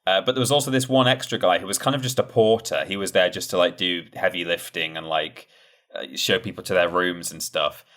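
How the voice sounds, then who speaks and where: Low-voiced young man telling stories. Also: a little fast. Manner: lively anecdote telling, pitch jumps when excited. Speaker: podcast co-host. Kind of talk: casual chat.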